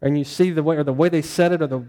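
A middle-aged pastor preaches to his congregation in a folksy, conversational style, often putting questions to the room. His voice is on the high side, warm and steady in tone, and he races along.

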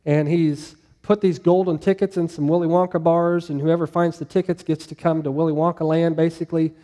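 A man's voice: a little high, level tone, a little fast, warm tone, in a large hall. A man preaching a sermon to a congregation in a conversational way, asking them questions as he goes. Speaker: pastor.

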